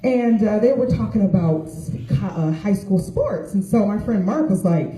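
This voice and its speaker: A middle-aged woman performs a stand-up set on stage, her voice very dark and mellow. She rises and falls in lively pitch as she acts out the people in her stories, heard in an echoey room. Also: normal speed, few pauses. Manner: storytelling with voiced quotes of others. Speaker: stand-up comedian. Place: stage with audience laughter.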